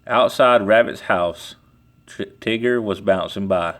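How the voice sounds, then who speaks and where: A man reading a children's storybook aloud in a slow, deliberate way. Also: fairly low pitch, a bit bright. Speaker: storybook reader. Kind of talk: children's book read aloud.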